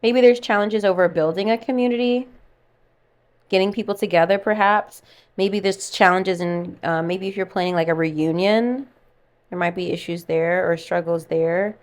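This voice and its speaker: A chatty woman reads tarot cards for her viewers, thinking out loud as she goes. Her voice sits a little low. She drifts from card meanings into loose, casual asides. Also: moderate pace. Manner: chatty, musing, thinks aloud while pulling cards. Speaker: tarot reader.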